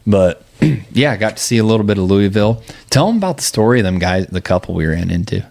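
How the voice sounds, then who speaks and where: A man's voice: lowish voice, animated, quick pace, creaky, a little mellow. A man in his thirties hosting a casual podcast chat, telling stories and laughing often. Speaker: podcast host.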